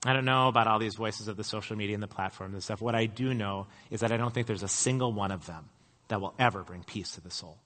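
A man's voice: lowish voice, quick pace, a bit bright. A middle-aged man preaching a sermon, telling stories in a casual, conversational way with self-deprecating humor. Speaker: pastor. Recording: long hall reverb.

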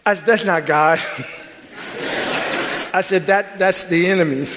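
Middle-aged guy preaching, high voice, tells stories and acts out the quotes, big echoey church hall. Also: a little slow, very noisy. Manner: storytelling with lively quoted dialogue. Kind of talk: sermon. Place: church sanctuary. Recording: long hall reverb.

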